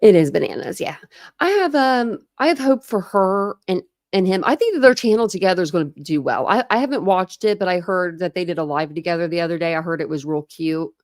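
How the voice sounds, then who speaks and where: A woman's voice: on the low side, animated, brisk, darkish tone, no room sound, clean studio sound. A woman from Ohio hosting a casual true crime live stream, rambling, laughing often and answering chat comments. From Ohio, USA.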